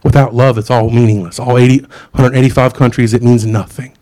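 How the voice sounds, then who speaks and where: A man's voice: mid-range voice, fairly even intonation, a little fast, warm tone. A middle-aged man preaching a sermon in a casual, conversational way, with asides and jokes.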